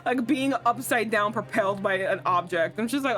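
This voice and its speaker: A young woman streaming a game, talking casually and excitably with lots of swearing, jumping between loud outbursts and low mutters. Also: normal speed. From United States. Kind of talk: casual let's-play commentary. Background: faint game music.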